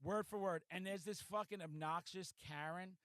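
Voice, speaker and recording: A man with a high-pitched voice hosts a casual podcast, tearing through stories with profane excitement. His voice sounds dry and close, with no room echo. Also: moderate pace. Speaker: podcast host. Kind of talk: casual chat.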